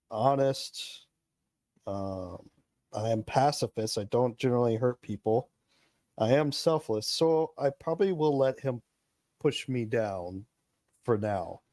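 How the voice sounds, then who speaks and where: A man's voice: medium pitch, a little mellow, no room sound. Playful tabletop player man, dry sound. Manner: playful, thinks aloud. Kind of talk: in-character tabletop role-play.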